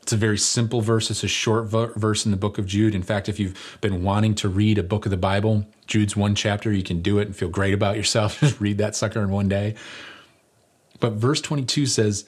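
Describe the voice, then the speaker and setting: A male pastor with a low, husky voice delivers a conversational sermon. He is earnest and builds to emphatic peaks, easing the mood with light humor along the way. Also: steady tone, fairly quick.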